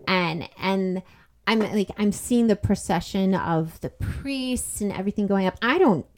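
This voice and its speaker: Earnest woman with a gravelly edge. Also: medium pitch, a little slow, darkish tone. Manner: earnest, heartfelt storytelling with many fillers. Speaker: podcast guest. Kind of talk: personal testimony in casual conversation.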